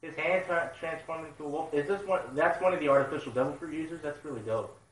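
A man reading a manga chapter live and reacting with excited, profane outbursts. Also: on the high side, quick pace. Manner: excitable, swears a lot, loud outbursts. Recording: roomy sound, mic at a distance.

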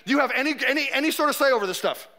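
Bright, high-voiced joking preacher man. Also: lively intonation, very fast. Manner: conversational, joking, acts out quotes. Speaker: pastor. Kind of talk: sermon.

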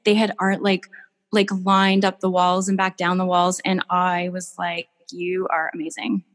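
A woman artist telling stories in a casual interview, gushing and animated. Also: on the low side, unhurried, big-room sound. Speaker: artist guest.

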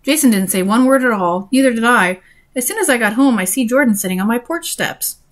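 A woman's voice: on the high side, expressive, brisk. A woman reading a fan story aloud and breaking off for frank, sarcastic commentary. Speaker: reader and commentator.

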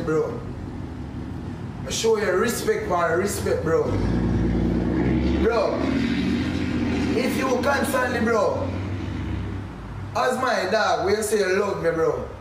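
A man with a Jamaican accent in a heated rant at a rival, repeating "bro" and "dog" as he presses his point. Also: sits high. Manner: agitated, repetitive, calls listener bro and dog. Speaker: streamer addressing a rival. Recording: echoey, distant mic, faint noise.

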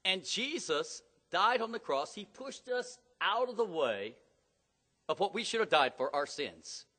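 A middle-aged man preaching a sermon in a church, telling stories dramatically and rising to loud emphatic peaks. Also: high-pitched, very animated, measured pace. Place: church hall. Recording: long hall reverb.

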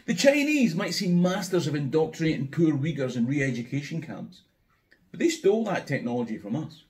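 A man's voice: fairly high pitch, sing-song, brisk, darkish tone. A Scottish man, a history tour guide, giving a wry, sardonic commentary to camera. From Scotland. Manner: wry, sardonic, building to mock outrage.

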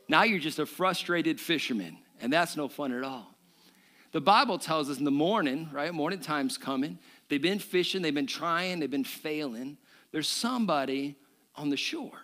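A male pastor giving a sermon, animated and joking with the congregation. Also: a little high. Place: church service.

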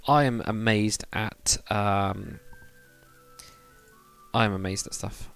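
A man's voice: fairly low pitch, slow, creaky, pauses often, a bit bright, clean tone, soft background music. A young man, chatting casually on a live stream while building in a game, rambling and reading viewer comments aloud.

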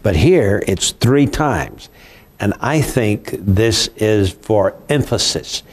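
A man's voice: on the low side, lively intonation, slow, breathy edge. An older man, hosting a conversational Bible study in a folksy, emphatic way. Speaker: Bible prophecy show host.

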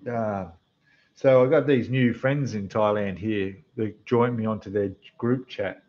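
Aussie bloke rambling on his model building stream, lowish rough voice, kinda dull muffled mic. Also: measured pace, darkish tone. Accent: Australian. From Australia. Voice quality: rough, losing its depth. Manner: chatty, rambling, talks to the chat while building. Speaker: scale model livestream host. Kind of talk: casual livestream chat. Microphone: desk microphone, quieter when turned away.

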